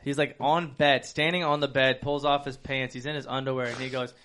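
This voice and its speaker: A man's voice: mid-range voice, fairly quick. A young man from Ohio, telling profane party stories in casual chat and acting out what others said. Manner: animated, profane storytelling with quoted voices. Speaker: podcast co-host.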